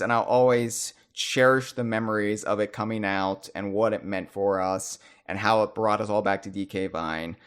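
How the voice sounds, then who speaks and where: A young American man hosting a podcast, talking casually and excitedly with frequent restarts and repeated words. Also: fairly low pitch. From United States. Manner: animated, often halting, restarting and repeating words. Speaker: podcast host. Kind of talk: casual chat.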